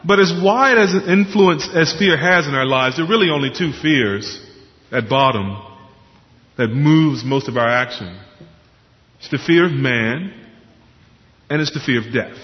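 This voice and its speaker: A young man preaching a sermon in an earnest way, pausing often and asking rhetorical questions. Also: fairly high pitch, lively intonation. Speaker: pastor. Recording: dull sound in a reverberant hall.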